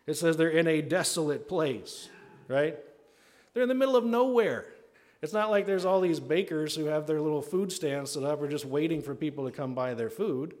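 A man's voice: fairly high pitch, normal speed, a little mellow. A man preaching a sermon in a conversational way, often asking "right?" and acting out the voices of people he quotes. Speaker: pastor.

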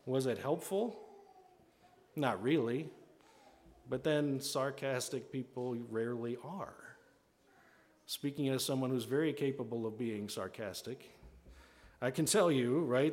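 A man preaching a sermon in a conversational way, often asking "right?" and acting out the voices of people he quotes. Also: fairly high pitch. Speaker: pastor.

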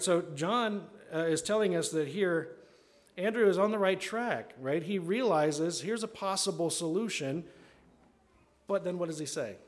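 A man preaching a sermon in a conversational way, often asking "right?" and acting out the voices of people he quotes. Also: on the high side. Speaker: pastor.

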